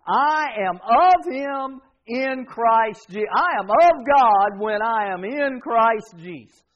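High-voiced emphatic male preacher. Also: lively intonation, slow, muffled recording. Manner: call-and-response with congregation, emphatic repetition. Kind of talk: sermon.

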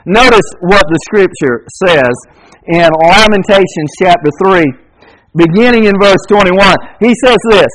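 A male pastor preaching a sermon to his congregation, repeating key phrases and dropping from ringing declarations to hushed, intimate passages. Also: expressive, a little slow, low-quality recording. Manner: preaching with big swings between loud declarations and hushed, low passages. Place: church in front of a congregation.

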